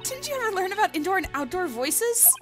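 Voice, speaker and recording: A woman doing a bubbly, jittery young woman attorney with a high, squeaky, eager voice that jumps up in pitch. Game music runs behind. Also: sing-song, brisk. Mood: startled. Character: bubbly young woman lawyer, nervous and excited.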